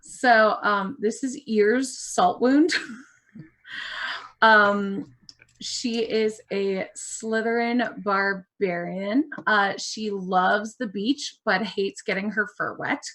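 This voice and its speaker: A woman describes her game character in an easygoing, casual way over a video call. She takes her time and talks at an unhurried pace. Her voice sits at an ordinary middle pitch. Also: steady tone, fairly bright tone. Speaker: player.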